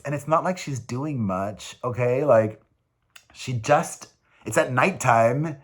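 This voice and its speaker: A man's voice: mid-range voice, slow pace, a bit bright. A man in his forties, a single father, rambling in a casual, emphatic confessional vlog.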